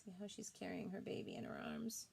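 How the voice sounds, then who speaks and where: A woman reading a picture book aloud to children, expressive and pausing to point out the pictures. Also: medium pitch, creaky, slight background noise. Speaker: storybook reader.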